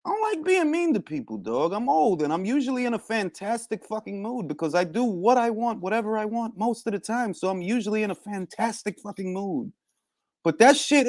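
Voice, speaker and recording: Animated, profane ranting man. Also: high-pitched, moderate pace, no room sound, clean studio sound. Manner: animated, profane, rambling with street slang; switches into Spanish phrases. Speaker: podcast host. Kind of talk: casual rant.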